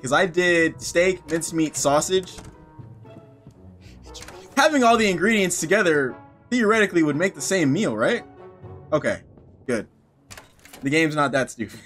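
A chatty young man giving let's-play commentary, his voice high and lively, thinking aloud as he plays. Game music runs faintly behind him. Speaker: gaming streamer.

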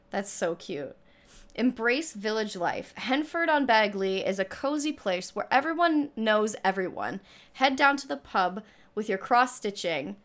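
A young woman reacting to a trailer and reading it aloud, gushing and a little out of breath. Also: medium pitch. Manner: gushing, squealing with excitement. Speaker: gaming YouTuber reacting to a trailer.

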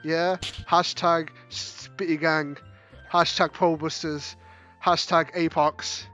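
Bright-voiced Northern English gamer. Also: male voice, fairly high pitch, level tone, slow, dull audio, soft background music. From northern England. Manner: joking, swearing, tag questions like "yeah?". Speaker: host. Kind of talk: casual gaming banter.

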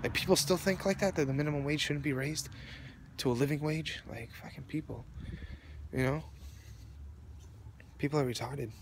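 A man's voice: a little high, moderate pace. A young man vlogging outdoors in the cold on his phone, shivering as he rambles and swears in a heated rant. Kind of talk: casual rambling rant to camera. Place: outdoors in the cold near traffic. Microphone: phone camera. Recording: noisy outdoor phone recording with traffic.

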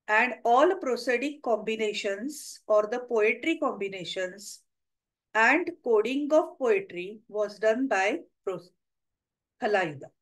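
A woman's voice: a little high, poor audio. A middle-aged woman with an Indian English accent, giving a webinar lecture and working through examples step by step. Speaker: webinar presenter on math history. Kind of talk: lecture with slides.

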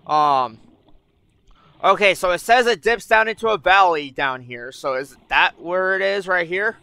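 A man's voice: high voice, animated, measured pace, vocal fry, pushed and bright, clear, resonant tone, no echo. A young man giving casual gameplay commentary, thinking aloud, getting frustrated and swearing often. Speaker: gaming YouTuber.

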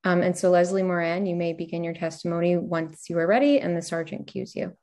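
A woman's voice: lowish voice, a little fast. A woman chairing a public hearing in a plain, procedural way over a video call. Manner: procedural, flat. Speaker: committee chair.

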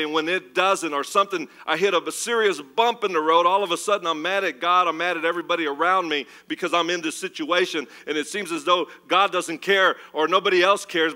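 A man preaching a sermon as pastor, animated and swinging between loud, urgent passages and hushed ones. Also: fairly high pitch. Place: church.

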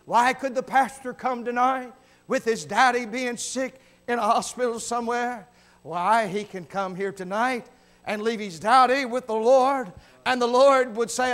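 A man preaching a revival sermon in a church, building from calm talk to shouted, fervent preaching. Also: very high-pitched, measured pace. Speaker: visiting preacher. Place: church sanctuary.

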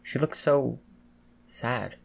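Man doing a gentle teen girl. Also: medium pitch, drawn-out words, gravelly, slightly rough, full character voice. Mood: sad. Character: gentle, cheerful teenage girl student.

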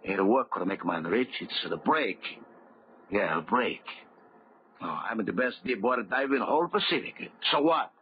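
A man's voice: lowish voice, lively intonation, normal speed, natural voice. An actor playing a bitter, boastful tough-guy diver. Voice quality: sneering, street slang. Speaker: deep-sea diver. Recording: tinny 1930s radio broadcast, hiss.

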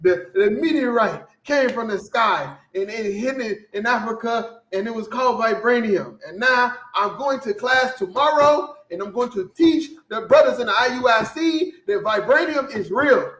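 A man hosting a podcast, talking in casual, profane, animated commentary and laughing often. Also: very high voice, normal speed, few pauses, reverberant. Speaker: podcast host.

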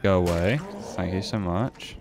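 A man's voice: low-pitched, measured pace. A young man giving casual, joking commentary while streaming a horror game. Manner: joking, playful, excitable.

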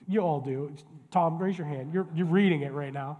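Higher-voiced pastor preaching in a reverberant church. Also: male voice, moderate pace, warm tone, slight background noise. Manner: conversational, joking, questions the congregation directly. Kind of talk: sermon. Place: church sanctuary. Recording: long church hall reverb.

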